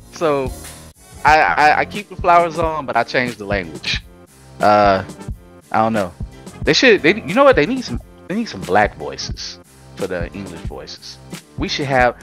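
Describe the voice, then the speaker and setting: A man co-hosting a casual podcast chat, animated and slangy. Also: mid-range voice. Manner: animated, slangy, does playful voices. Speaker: podcast co-host.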